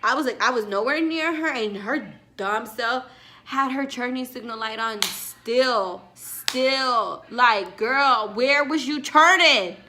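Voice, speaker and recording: A young woman with a high, bright voice tells a story time in a sassy, animated way. She speaks casually and keeps turning to her viewers with quick asides. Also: slight background noise. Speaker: vlogger.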